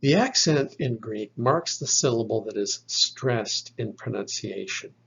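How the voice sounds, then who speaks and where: A man teaching a slide-based lesson on Bible Greek, explaining slowly and patiently with a few fillers. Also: mid-range voice, lively intonation, creaky, a bit bright, slightly rough, dull audio.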